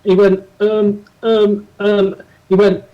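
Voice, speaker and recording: A man's voice: high-pitched, monotone, takes it slowly, dull audio. A man co-hosting a podcast, telling a story in casual chat with lots of restarts. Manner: rambling anecdotes with restarts. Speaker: podcast co-host.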